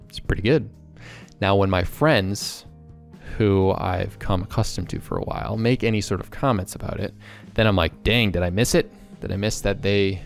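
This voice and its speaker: A young man talking candidly to camera in a rambling, excitable vlog monologue. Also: on the low side. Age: young adult. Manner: excitable, rambling, quick bursts. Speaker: vlogger.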